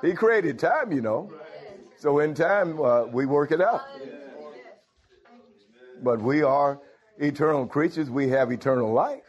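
Preacher, male, higher-pitched voice; sermon full of rhetorical questions and chuckles, dull lo-fi recording. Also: expressive, unhurried, long pauses. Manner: rhetorical questions, swings from low murmurs to loud exclamations.

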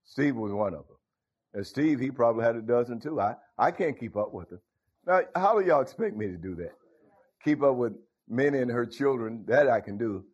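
An older pastor preaches a folksy sermon packed with call-and-response asides, often tossing in "huh?" and "thank you, Lord." His medium-pitched voice is expressive, brisk, and husky, captured on a dull lo-fi recording.

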